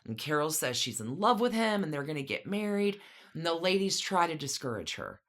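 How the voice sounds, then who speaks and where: A woman with a low voice tells a story in a relaxed, conversational way. She is a podcast co-host who adds dry asides as she goes. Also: brisk. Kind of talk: casual storytelling.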